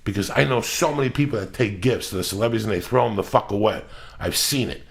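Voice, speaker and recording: A man's voice: on the low side, animated, fast. A middle-aged man hosting a podcast, ranting in a casual, profane, emphatic way. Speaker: podcast host.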